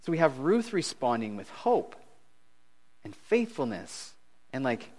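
A middle-aged man preaching a conversational sermon as pastor, animated and swinging between loud and hushed, chuckling at his own jokes. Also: on the high side, moderate pace.

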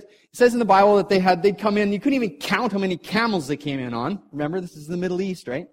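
Middle-aged male preacher, slightly high voice, casual and jokey, acts out characters for a live audience. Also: fast talker, few pauses. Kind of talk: casual sermon storytelling.

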